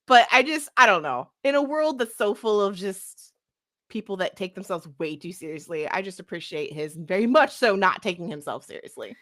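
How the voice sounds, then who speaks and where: A woman's voice: mid-range voice, animated, moderate pace, a bit bright. A young woman chatting animatedly as a podcast co-host and game master, laughing often. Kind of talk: casual chat.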